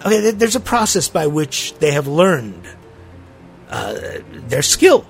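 A priest hosts his podcast with a bouncy, lively voice that swings up and down. He has a slightly high, gravelly man's tone. He teases his listeners playfully, with his tongue in his cheek, while faint music sits under him. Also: measured pace. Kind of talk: conversational spiritual podcast talk.

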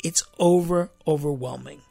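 A man's voice: a little high, normal speed, gravelly, warm tone, soft background music. A man who is a church priest, giving a conversational sermon to his congregation, rambling and repeating himself with rhetorical "right?" asides.

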